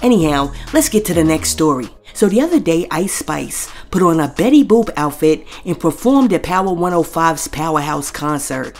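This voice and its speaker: Her deep, slightly mellow voice has lively intonation and a normal pace with hardly any pauses as she delivers scripted gossip commentary. Chatty and speaking directly to viewers, this celebrity gossip host reads posts aloud, spelling out the bleeped curses.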